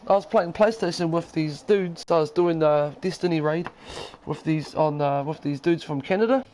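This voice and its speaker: A man's voice: a little high, normal speed, darkish tone, slight background noise, poor audio. A man with a New Zealand accent chatting casually as a game streamer from his lounge, rambling and profane. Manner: rambling, profane and laid-back. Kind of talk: casual chat. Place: lounge at home.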